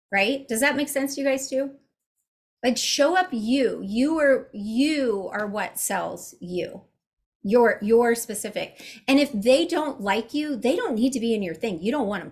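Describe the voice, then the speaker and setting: A woman's voice: a little high, expressive, moderate pace. A woman business coach talking candidly and bluntly in a casual group coaching call over a video call. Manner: candid, chatty, blunt with mild swearing.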